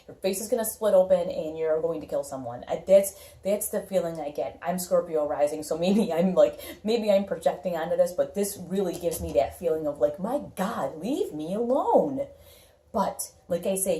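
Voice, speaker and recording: A woman talks through a tarot reading in a casual, emphatic way, often acting out quoted reactions. Her voice sits a little low with a warm, mellow tone. The room around her sounds echoey. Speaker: tarot reader.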